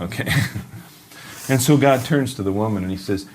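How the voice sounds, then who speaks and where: A man's voice: fairly low pitch, a little slow, pauses often, a little hiss or hum. A man teaching a sermon, storytelling and asking and answering his own questions. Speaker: Bible teacher.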